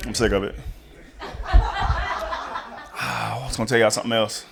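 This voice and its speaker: Animated young male stand-up comedian. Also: a little high, normal speed, gravelly, pauses often, background noise. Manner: animated, chatty, many "you know what I mean". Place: comedy club stage.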